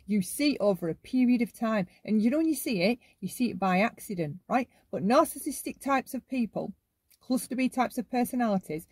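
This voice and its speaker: A woman's voice: on the high side, darkish tone, slightly rough, no room sound. A woman hosting a casual commentary monologue, often ending her points with "right?". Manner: talks in long runs, ends many lines with "right?". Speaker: commentary channel host.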